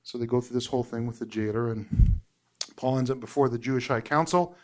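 A man teaching a casual Bible lesson, telling the story with lively quoted voices and frequent laughs. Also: medium pitch, a little fast. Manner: animated storytelling, acts out quotes, laughs often.

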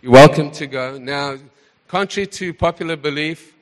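A man hosting as pastor, telling a story with deep emotion to his congregation. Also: moderate pace. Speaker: host pastor. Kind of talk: sermon. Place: church hall with congregation. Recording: church hall reverb with congregation.

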